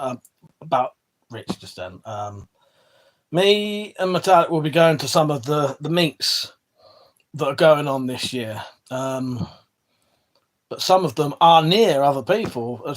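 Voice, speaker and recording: An English man hosting a casual livestream, chatting loosely with viewers, swearing freely and trailing off mid-sentence. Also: a little high. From England. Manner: swears freely, rambling and self-interrupting. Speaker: livestream host reading chat. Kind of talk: casual chat. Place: indoor room with weapon collection wall.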